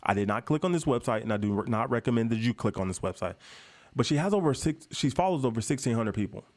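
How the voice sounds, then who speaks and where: A man's voice: mid-range voice, expressive, fast, a little mellow. A man vlogging to camera in a casual, emphatic way. He keeps calling his viewers guys and repeats points for stress.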